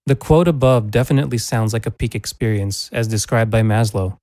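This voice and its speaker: A man's voice: fairly low pitch, a little fast, few pauses, a little mellow, no echo. Man reading a lecture, dry close mic. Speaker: teacher presenting a lesson. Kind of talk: scripted lecture narration. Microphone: studio condenser microphone.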